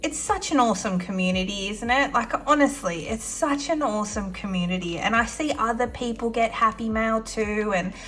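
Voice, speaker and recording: Bright, chatty Australian woman vlogger. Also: a little high, moderate pace, hardly any pauses, soft background music. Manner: chatty and effusive, giggly, talks while eating. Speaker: budgeting vlogger. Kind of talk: casual chat to camera.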